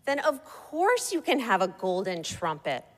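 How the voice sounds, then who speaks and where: A grumpy, put-upon department store Santa gives flat, grudging lines with no cheer in them, as a woman reads him aloud. The pace is unhurried, and a long reverb hangs around each phrase. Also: mid-range voice. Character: surly shopping mall Santa, older man.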